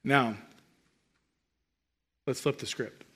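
A man preaching a sermon, humorous and animated, swinging between loud excitement and hushed asides. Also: mid-range voice, extremely slow, husky. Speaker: pastor.

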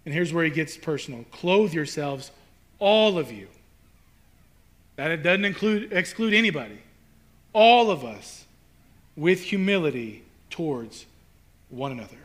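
A man's voice: fairly high pitch, animated, normal speed, a bit bright. A male pastor preaching a sermon in a conversational, emphatic way, building to rhetorical questions.

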